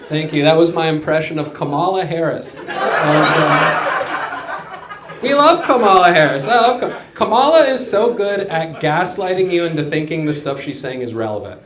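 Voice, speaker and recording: A man's voice: on the high side, animated, moderate pace. A man doing a stand-up comedy set on a club stage, talking loosely and conversationally with offhand asides. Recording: echoey club with crowd laughing.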